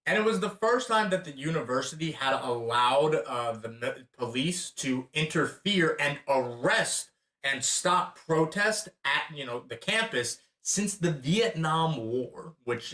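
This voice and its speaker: A man's voice: medium pitch, bright, forceful tone, reverberant, recorded from a distance. An American man recapping the year's news in a casual, chatty way with sarcastic asides and frequent fillers. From United States. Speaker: channel host.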